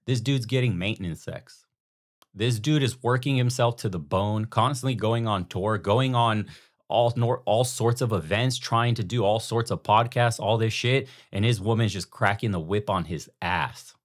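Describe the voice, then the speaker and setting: A man's voice: lowish voice, normal speed. A man hosting a reaction show, mocking and crude in his slangy commentary. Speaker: host.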